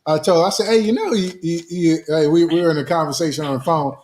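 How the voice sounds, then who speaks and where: A man co-hosting a casual marriage podcast, talking in an animated, slangy way, repeating words and acting out quotes. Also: a little high, fast. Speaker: podcast co-host. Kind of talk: casual chat.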